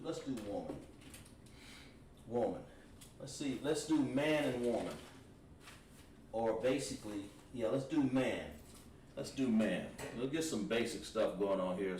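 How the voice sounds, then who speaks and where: A man teaching a language lesson on a livestream, explaining words patiently and repeating them, with frequent throat clearing. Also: fairly low pitch. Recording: roomy echo, distant from the mic, faint ambient noise.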